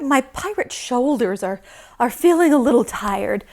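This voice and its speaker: A woman teaching a yoga class to young children, gentle and encouraging as she leads the poses. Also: a little high, animated, unhurried.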